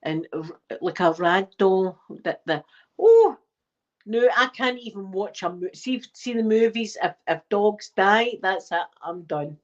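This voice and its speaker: Chatty Scottish woman, rambling and animated. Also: mid-range voice, unhurried, lo-fi sound. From Scotland. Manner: rambling, animated storytelling with swearing. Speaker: ASMR livestream host. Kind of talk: casual live-stream chat.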